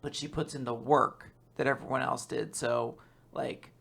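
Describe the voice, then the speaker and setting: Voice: medium pitch, steady tone, normal speed, creaky, a bit bright. A podcast co-host in casual chat, rambling and laughing often.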